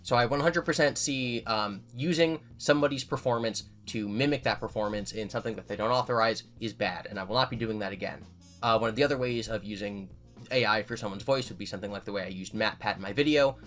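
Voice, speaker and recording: A man's voice: fairly low pitch, fast talker, a bit bright. Guy chatting thru viewer questions, restarts a lot, some music faint in the back. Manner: thinking aloud, with frequent restarts and repeated words. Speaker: YouTube host answering viewer questions. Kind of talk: casual chat.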